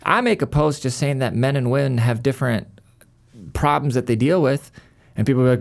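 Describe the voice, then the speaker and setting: A man's voice: medium pitch, a little fast, vocal fry. A male podcast host in a worked-up, profane monologue, stumbling over restarts as he rants.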